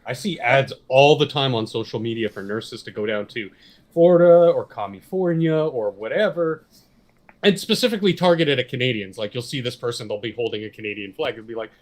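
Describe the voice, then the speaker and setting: A man's voice: mid-range voice, lively intonation, fairly quick. Opinionated man rambling on a podcast. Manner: rambling, opinionated, swears freely. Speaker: podcast co-host. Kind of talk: casual chat.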